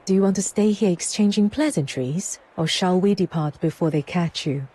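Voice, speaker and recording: A woman voicing a shrewd, composed female merchant proprietress who talks in a calm, polished and cunning way in a game cutscene. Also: on the low side, normal speed, husky.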